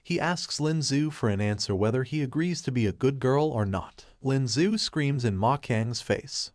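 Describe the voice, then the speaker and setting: Guy reading a comic recap, steady and even, dry no-room sound. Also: medium pitch, normal speed, hardly any pauses, dry recording. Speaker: recap narrator. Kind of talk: scripted narration.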